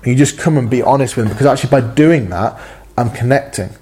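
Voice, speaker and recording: A man preaching with a husky, slightly breathy voice at a middling pitch. He speaks, earnest and conversational, often stumbling over repeated words as he works through a thought. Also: fast talker, darkish tone. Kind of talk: sermon.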